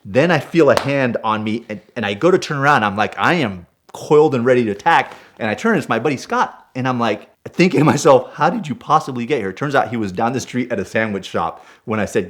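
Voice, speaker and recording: A man in his forties telling a personal story in an animated way. He builds up heat as he goes and keeps checking in with "right?". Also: on the low side. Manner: gets fired up and loud while retelling; punctuates with "right?". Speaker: guest storyteller.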